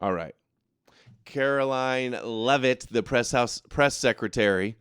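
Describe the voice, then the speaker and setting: A man's voice: mid-range voice, a little slow, a bit bright, smooth, no room sound, studio quality. Sarcastic man ranting on a livestream. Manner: sarcastic, mocking, reads chat comments aloud; heated, indignant ranting. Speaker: livestream show host. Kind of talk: casual political commentary livestream.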